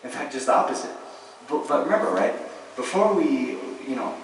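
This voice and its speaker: A man teaching a Buddhist class in a conversational way, often checking in with his students and acting out ordinary views in quick asides. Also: medium pitch, big pitch swings. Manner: conversational, checks in often with "right?" and "you understand?". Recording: echoey hall, distant, faint hiss.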